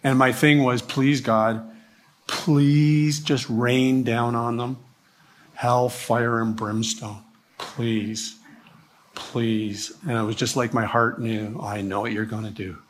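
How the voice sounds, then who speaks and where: A man preaching a first-person dramatic monologue as a resentful, self-pitying male biblical prophet, dramatic, swinging from hushed pleading to shouting. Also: medium pitch, fairly even intonation, slow, a little hiss or hum, natural voice.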